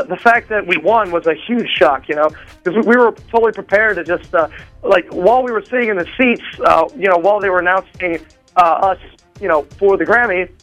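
A man, a drummer, chatting excitedly on a phone line with a radio show, rambling with many fillers and restarts. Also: high voice. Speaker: drummer interviewed as a guest. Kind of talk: excited phone interview chat.

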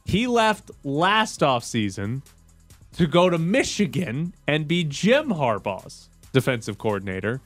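A man's voice: fairly high pitch, faint music behind. A man hosting a sports radio show, chatting casually and joking about football news. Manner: quick, joking, animated.

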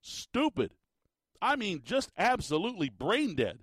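A man's voice: sits high, sing-song, measured pace, fairly bright tone, slightly rough, no echo, clean studio sound. Exasperated man ranting about football. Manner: exasperated, emphatic, rhetorical questions. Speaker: sports commentator. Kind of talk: ranting sports commentary.

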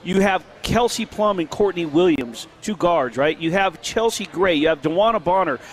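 A man co-hosting a casual sports talk show, telling stories in an animated way with quick restarts. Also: high voice. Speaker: sports radio co-host.

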